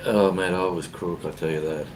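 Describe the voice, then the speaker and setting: An Australian man with a deep, steady voice speaks at normal speed while co-hosting a live stream. His casual online chat is easygoing and rambling, peppered with blokey slang, over a hissing mic and background noise.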